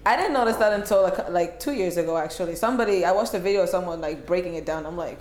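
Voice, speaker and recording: A woman's voice: fairly low pitch, fast. Laughing woman telling a story in an echoey room. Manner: animated storyteller, profane, laughs often. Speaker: podcast co-host. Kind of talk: casual chat.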